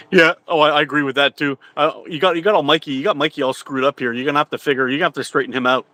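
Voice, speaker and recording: A man's voice: on the high side, fairly even intonation, fast, bright, forceful tone. Laughing, hesitant man chatting. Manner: laughs often, hesitant with many "uh"s. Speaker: livestream co-host. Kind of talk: casual live chat.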